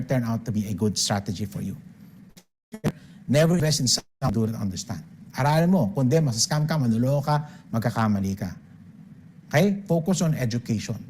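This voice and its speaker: Older Filipino-accented male speaker, brisk emphatic seminar delivery, mid-pitched. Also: animated, a little mellow, slight background noise. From Philippines. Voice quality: emphatic, punctuates points with "okay?". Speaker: financial speaker. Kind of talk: seminar talk mixing English and Tagalog.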